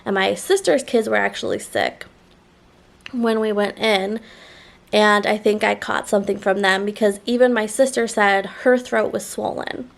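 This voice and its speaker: A woman's voice: medium pitch, fairly even intonation, normal speed, gravelly. A woman vlogger chatting casually to camera, her voice a little nasal as she gets over a sore throat, rambling with lots of "like" fillers. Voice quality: slightly nasal.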